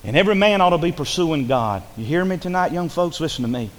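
A man preaching in a church with a somewhat high voice. He is folksy and repeats his phrases, rising to loud emphasis and dropping to hushed asides. The sound carries a long hall reverb. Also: expressive, fast talker. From rural upbringing. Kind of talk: sermon.

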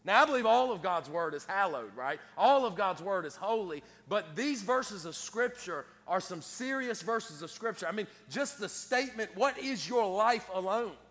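A man's voice: high-pitched, expressive, normal speed, few pauses, fairly bright tone, long reverb tail. A man preaching a sermon, speaking conversationally and often asking "right?". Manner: conversational, repeats words, asks "right?" often. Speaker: guest preacher. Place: church sanctuary.

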